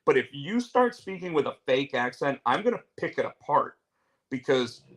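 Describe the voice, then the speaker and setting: Animated rambling male show host. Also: medium pitch, moderate pace. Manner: rambling, restarts sentences, animated storytelling. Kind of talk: casual chat.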